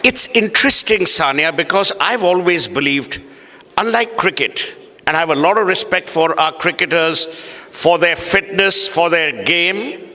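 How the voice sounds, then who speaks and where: A man's voice: high voice, bright, forceful tone. A man, moderating an on-stage interview in a playful, sarcastic way. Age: 60s. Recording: echoey hall.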